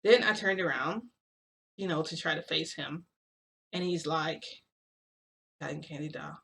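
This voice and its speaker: A woman's voice: deep voice, a little slow, fairly bright tone, breathy edge. A woman casually telling a long story to her viewers, rambling with many fillers. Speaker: vlogger.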